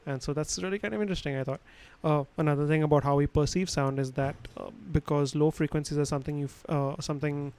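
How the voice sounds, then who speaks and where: A man's voice: fairly high pitch, steady tone, fast, few pauses, a little mellow, clear, resonant tone, rough recording. A man teaching a livestream lesson on sound, explaining casually with many fillers and restarts, recorded at home on a studio microphone. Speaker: instructor. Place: his home room.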